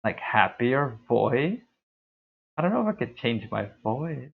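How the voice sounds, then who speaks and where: A young man streaming a game, talking through his play in a laid-back, rambling way with a deep, dark voice. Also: very animated, a little slow, creaky, slightly rough. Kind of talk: casual gameplay commentary. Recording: tinny lo-fi stream mic.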